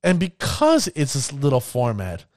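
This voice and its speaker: A man giving casual commentary on card games, addressing his viewers as ladies and gentlemen and acting out players' reactions. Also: medium pitch, wildly swooping pitch, a little slow, no room sound, studio quality. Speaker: card game content creator.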